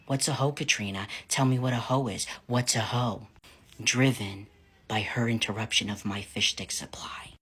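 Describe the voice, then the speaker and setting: Animated New England-accented man. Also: fairly low pitch, breathy edge. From New Hampshire. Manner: profane, wry, gets louder and more animated as he goes. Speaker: vlogger. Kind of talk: casual storytime monologue.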